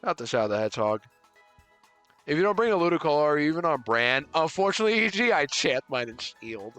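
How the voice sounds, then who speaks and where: A man streaming a video game live, chatting with his viewers and swinging from panicked outbursts to relaxed chatter. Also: fairly high pitch, fast, smooth. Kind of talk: live gameplay commentary. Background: faint game music.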